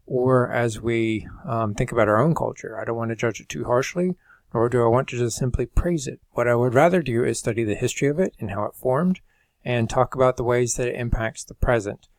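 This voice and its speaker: A man's voice: medium pitch, a little fast, no echo. A man giving a recorded college lecture over slides, conversational and full of rhetorical questions. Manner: conversational, thinking aloud with fillers and rhetorical questions. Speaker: college instructor.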